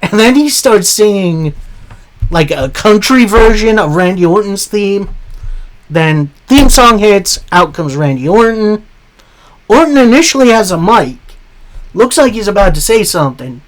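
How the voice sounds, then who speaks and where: Man, podcast host, unhurried delivery, casual wrestling recap, chatty asides. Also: high-pitched, lively intonation. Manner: plain storytelling with asides.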